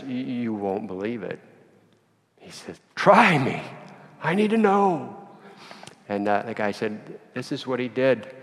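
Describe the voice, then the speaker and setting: A man giving a sermon, telling a story with acted dialogue in an animated way. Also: medium pitch, creaky. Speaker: priest. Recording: long reverb of a church hall.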